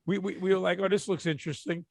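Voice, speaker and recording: A man's voice: high voice, steady tone, quick pace, vocal fry, dry recording, clean studio sound. A man co-hosting a podcast, telling crude stories casually, laughing at them and chiming in with jokes. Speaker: podcast co-host. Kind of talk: casual profane storytelling.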